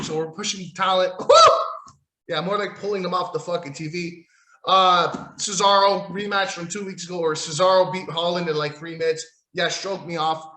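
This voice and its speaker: A man's voice: high voice, pushed and bright. A man hosting a solo podcast, recapping in a rambling, profane, sarcastic way. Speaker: podcast host. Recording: echoey room.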